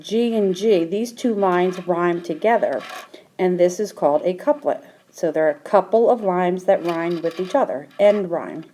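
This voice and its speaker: A woman's voice: medium pitch, dark tone, slight background noise. A female teacher explaining the form of a sonnet, checking in with her listeners as she goes. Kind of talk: classroom explanation.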